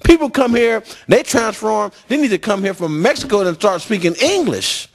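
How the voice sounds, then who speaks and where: Man on the street, fired-up profane rant, very lively pitch. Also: normal speed. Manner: agitated, profane, repetitive. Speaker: street interviewee.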